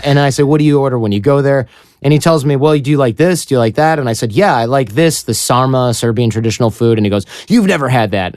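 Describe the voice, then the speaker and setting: A man as a podcast guest, telling a story in a casual, animated way and acting out what others said. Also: medium pitch, no room sound, studio quality. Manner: animated storyteller who acts out quoted voices.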